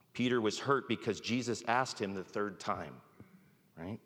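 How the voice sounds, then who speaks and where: A man's voice: lowish voice, unhurried, fairly bright tone. A man preaching a sermon in a conversational way, often checking in with "right?". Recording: long reverb of a large hall.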